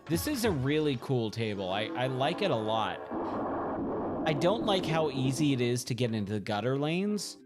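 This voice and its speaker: Casual male streamer, mid pitch, chatty and meandering over steady game music. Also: normal speed. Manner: chatty, rambling, repeats words. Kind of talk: casual gameplay chat.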